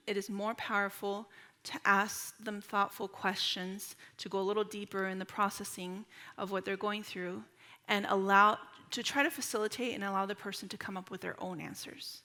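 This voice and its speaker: A woman's voice: mid-range voice, pushed and bright. A woman in her thirties speaking at a church retreat, earnest and conversational as she tells a personal story. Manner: earnest, storytelling, acts out quoted voices.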